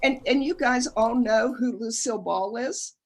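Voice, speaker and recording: A woman's voice: on the high side, moderate pace. A middle-aged woman giving a humorous lecture, chatty and self-deprecating, breaking into laughter as she tells personal stories.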